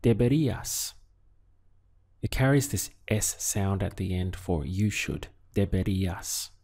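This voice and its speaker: A man teaching a Spanish lesson in a calm, measured voice, asking the listener to answer and then giving each phrase. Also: low-pitched, creaky, husky. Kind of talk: scripted language lesson.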